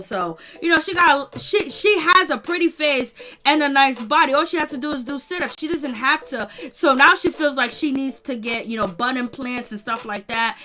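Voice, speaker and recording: A woman hosting a casual recap show, chatty and animated, often laughing and talking straight to her viewers. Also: high-pitched. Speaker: host of a reality-show recap channel. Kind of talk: casual commentary.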